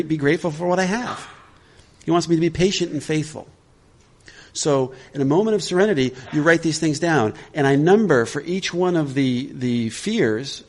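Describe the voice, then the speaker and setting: A man leading a recovery workshop in an easygoing, conversational way. His voice sits at an ordinary middle pitch, and he keeps checking in with his listeners as he talks. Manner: conversational, checks in with "all right?". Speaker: workshop leader.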